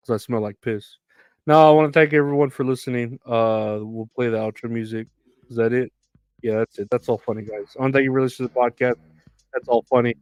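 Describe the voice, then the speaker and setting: In a dry recording, a podcast host talks alone at a moderate pace, his medium-pitched voice fairly even in intonation. He wanders from point to point, cursing and poking fun at himself.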